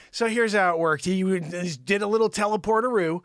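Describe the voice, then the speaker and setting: A man hosting a live-streamed comedy show, talking to his viewers in a hyped, animated way. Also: high-pitched, brisk, hardly any pauses, no echo, clean studio sound. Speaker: host.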